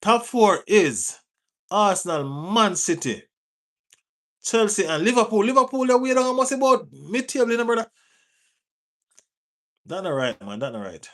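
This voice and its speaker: A man with a Jamaican accent hosting a live football stream, answering viewer chat in relaxed patois-tinged talk and urging viewers to like the page. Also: high voice, moderate pace, pauses often. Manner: reads out and answers viewer chat, teases, urges likes. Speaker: football livestream host.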